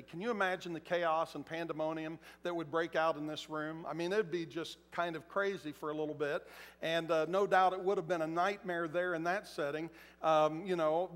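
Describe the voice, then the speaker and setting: A long reverb trails each phrase as a pastor speaks fairly quickly in a large, echoey church auditorium. His sermon is laid-back and conversational, with quotes he acts out, and his voice is on the high side for a man.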